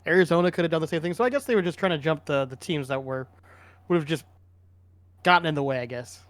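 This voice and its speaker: A man's voice: on the high side, quick pace, dry recording. Rambling man talking sports, dry mic. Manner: rambling, restarts often, opinionated. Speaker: podcast co-host. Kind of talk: casual sports chat.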